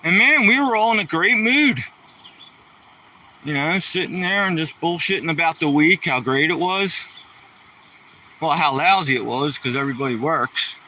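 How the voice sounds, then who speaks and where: A somewhat high-voiced man hosts a relaxed livestream, rambling animatedly through groan-worthy jokes and self-deprecation at normal speed with long pauses. His tone is pushed and bright, and he's far from the mic.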